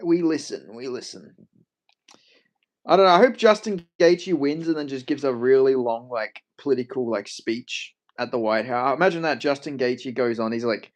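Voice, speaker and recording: A man's voice: medium pitch, lively intonation, normal speed. A young Australian man on a casual livestream, joking, swearing freely and answering his chat. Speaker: MMA streamer.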